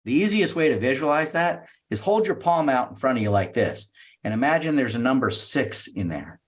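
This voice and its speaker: Middle-aged male sales trainer, lively delivery that jumps up in pitch when acting out questions. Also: a little fast. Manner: energetic teaching, acts out sales questions with raised pitch. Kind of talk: talk at a networking meeting.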